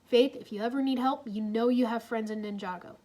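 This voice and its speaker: A woman's voice: fairly high pitch, steady tone, brisk, mellow, natural voice. A woman voicing a bold, eager young male ninja who speaks firmly and eagerly.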